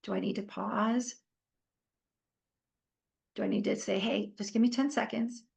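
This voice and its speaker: A woman's voice: mid-range voice, unhurried, vocal fry. A middle-aged woman teaching a workshop in a casual, conversational way, telling stories and asking her group for comments. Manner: animated storytelling, conversational with fillers. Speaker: workshop trainer.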